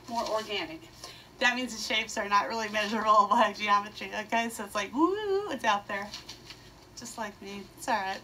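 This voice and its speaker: A woman's voice: a little high, bright, forceful tone, distant mic, slight background noise, rough recording. A woman giving a casual painting lesson, chatty and playful, humming little "woo" sounds as she works. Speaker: art teacher.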